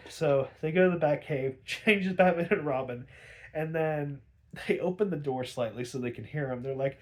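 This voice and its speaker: A man's voice: a little high, normal speed, darkish tone. A young man casually recapping an episode, rambling with many fillers and frequent chuckles. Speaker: show reviewer.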